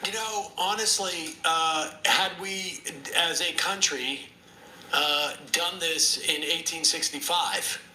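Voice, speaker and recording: A man's voice: a little high, fairly even intonation, slow, pushed and bright, reverberant, slight background noise, low-quality recording. A man co-hosting a casual political podcast, joking and reading listener messages aloud. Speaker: podcast co-host.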